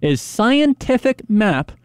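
Slow-talking young male game host. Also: sits high, big pitch swings, a little mellow. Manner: laughs often, slow deliberate questions. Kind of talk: game show banter.

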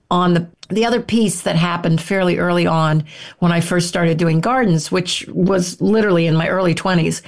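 An older woman, a guest herbalist, telling stories in a relaxed interview, rambling with frequent restarts. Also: fairly low pitch, gravelly. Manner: warm, rambling, with frequent self-restarts and "you know". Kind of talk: casual storytelling interview answer.

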